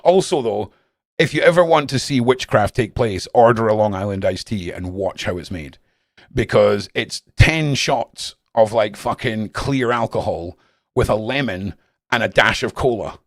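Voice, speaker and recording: A Scottish man hosting a live stream, chatting casually with his viewers in a blunt, animated way and swearing constantly. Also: lowish voice, normal speed, no room sound, studio quality. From Scotland. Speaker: live-stream host reading chat. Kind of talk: casual rambling chat.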